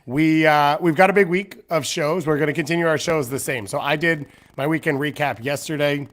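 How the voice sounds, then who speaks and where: A man's voice: a little high, a little fast, fairly bright tone. A young man hosting a casual live-streamed chat, rambling and poking fun at himself. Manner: rambling, self-mocking. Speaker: podcast host.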